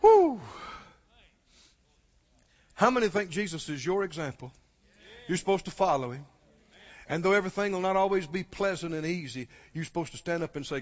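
A man's voice: high-pitched, lively intonation, normal speed, pauses often. A man preaching a sermon with passion, asking his listeners questions and rising to exclamations. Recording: dull lo-fi sound with long hall reverb.

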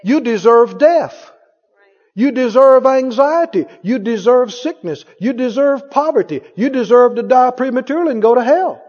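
A man's voice: expressive, moderate pace, a little mellow, big-room sound, highs cut off. A man preaching a sermon with an emphatic, repetitive delivery, firing rhetorical questions at his congregation. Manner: mimics others in a higher voice.

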